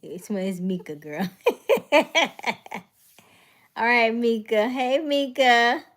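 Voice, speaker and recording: Slow, soft-spoken woman livestreamer. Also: fairly high pitch, expressive. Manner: greets viewers by name and often drops to a soft whisper. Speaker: livestream host. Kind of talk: casual late-night live-stream chat with viewers.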